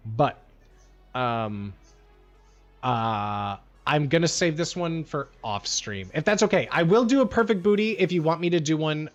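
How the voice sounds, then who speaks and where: A man chatting casually on a livestream, rambling and slangy and full of "like" and "bro.". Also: mid-range voice. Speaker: livestream streamer. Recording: dull lo-fi sound with faint music.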